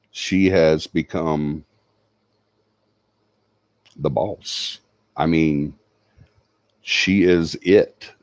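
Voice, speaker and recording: A man, hosting a paranormal channel, gives a halting, heartfelt tribute full of fillers. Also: deep voice, a little mellow, no echo. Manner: halting, sincere, many fillers. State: tearing up. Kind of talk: emotional livestream tribute.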